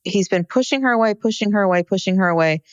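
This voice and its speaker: A woman's voice: medium pitch, quick pace, clean tone, dry recording, lo-fi sound. A woman co-hosting a podcast in casual chat, giving wry, skeptical commentary. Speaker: podcast co-host. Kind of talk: casual chat recapping a reality show.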